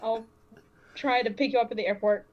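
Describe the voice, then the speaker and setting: A high-voiced woman from Texas chats as a guest on a podcast over a voice call. She giggles easily and pokes fun at herself. A faint hiss sits under her voice. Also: fairly even intonation, a little fast, muffled recording. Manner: giggly, chatty, self-deprecating. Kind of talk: casual chat.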